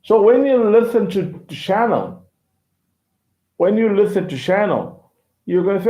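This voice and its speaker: A man with a Brazilian Portuguese accent teaching English in an online lesson, halting and repeating words with many fillers. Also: high-pitched, big pitch swings, warm tone. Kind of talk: online lesson explaining casually. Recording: tinny phone-like line, echoey room.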